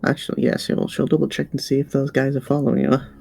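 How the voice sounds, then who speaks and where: A man's voice: medium pitch, flat delivery, quick pace, creaky, mellow, husky. A man playing a tabletop role-playing game, speaking hesitantly with many restarts and fillers. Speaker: player.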